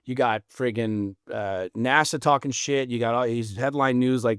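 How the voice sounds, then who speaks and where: Man, podcast guest, animated and profane storyteller, mid-pitched voice, dry close sound. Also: normal speed, smooth, no echo. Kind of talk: casual podcast conversation.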